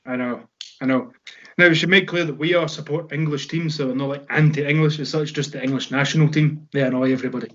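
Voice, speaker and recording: A Scottish man co-hosting a podcast, chatting with quick, blunt remarks. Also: fairly high pitch, steady tone, fairly bright tone. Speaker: podcast co-host. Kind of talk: casual chat. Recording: dull lo-fi sound.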